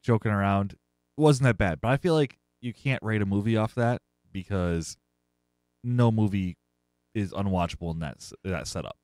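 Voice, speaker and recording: A man's voice: on the low side, normal speed, darkish tone, dry recording. A man co-hosting a podcast, giving his movie rating in a dry, matter-of-fact casual chat. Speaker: podcast co-host.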